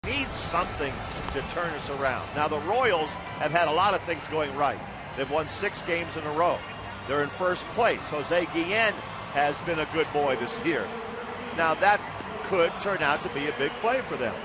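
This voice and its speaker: Guy calling a ball game, kinda high voice, lots of noise behind. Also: normal speed. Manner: excited rises on big plays. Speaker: play-by-play announcer. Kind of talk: baseball play-by-play commentary.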